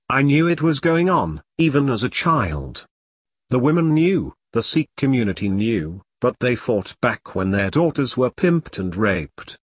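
Guy reading angry blunt ex-agent woman, husky voice, pitch jumps around a lot, dry close audiobook sound. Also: no echo. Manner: blunt, furious. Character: bitter middle-aged woman, ex-agent.

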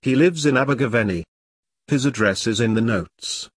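A man voicing a calm, affluent middle-aged male handler who speaks gently and in a measured way, in an audiobook. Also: medium pitch, husky, dry recording, lightly acted. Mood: gentle.

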